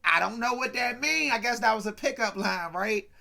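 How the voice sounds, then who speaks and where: A man's voice: lively intonation, normal speed, creaky, sharp tone. A man hosting a casual talk show, retelling a comedy sketch with asides to viewers and jumpy voices for quotes. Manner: chatty, asides to viewers, mimics quotes with pitch jumps. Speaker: podcast host.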